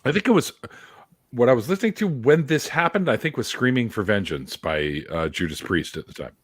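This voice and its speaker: A man hosting a casual live chat, telling a story with loud yelled reenactments and lots of swearing. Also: mid-range voice, expressive, a little fast, husky. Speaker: host.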